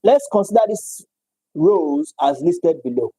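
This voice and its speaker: A man gives a university lecture with a very mellow, dark tone and a slightly raised pitch. He repeats his points and keeps checking in with "all right?". The sound is dry and close to the mic. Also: expressive, a little slow, husky, no echo, low-quality recording. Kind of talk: live-streamed economics lecture.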